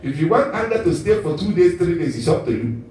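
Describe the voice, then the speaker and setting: Animated, chuckling male preacher in an echoey hall. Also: a little high, brisk, slight background noise. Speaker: pastor. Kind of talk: sermon. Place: church hall. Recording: echoey church hall, mic at a distance.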